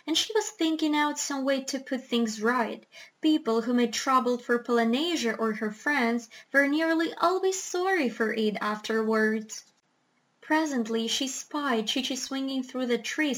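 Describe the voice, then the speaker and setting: A woman narrating a children's storybook in a clear, even manner. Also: on the high side. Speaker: audiobook reader.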